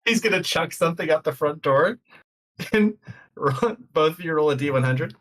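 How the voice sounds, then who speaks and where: A man narrating as game master of a tabletop game, relaxed and chuckling as he tells the scene. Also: on the high side, normal speed.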